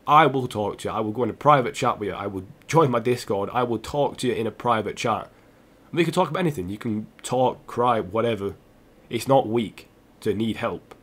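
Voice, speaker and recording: A young man speaking straight to his stream audience, tearful and on the edge of crying. He talks earnestly and haltingly, stumbling over restarts and repeating himself, at a medium pitch for a man. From England. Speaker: gaming streamer. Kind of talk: emotional personal address to stream viewers.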